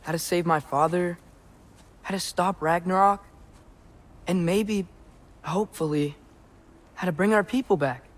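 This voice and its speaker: A man's voice: high voice, a little slow, long pauses. An actor voicing an earnest, determined teenage boy in a video game. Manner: earnest, resolute.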